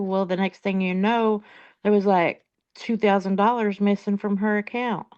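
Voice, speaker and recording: A woman's voice: medium pitch, little pitch movement, a little slow, darkish tone. A woman chatting in a casual group discussion about caring for a relative, rambling with lots of fillers. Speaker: family caregiver in discussion. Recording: dull lo-fi sound.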